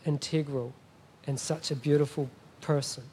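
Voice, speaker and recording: A man's voice: a little high, steady tone, moderate pace, darkish tone, slight background noise. A middle-aged man preaching a sermon as a guest pastor, emphatic and often asking the congregation "Amen?".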